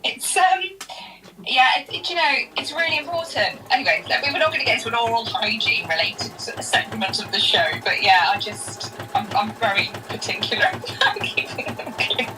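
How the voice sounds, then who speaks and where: A woman's voice: fairly high pitch, animated, moderate pace, music in the background, rough recording. A woman co-hosting a live crafting show, chatting frankly and self-deprecatingly and laughing as she talks. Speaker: co-host. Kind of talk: casual chat.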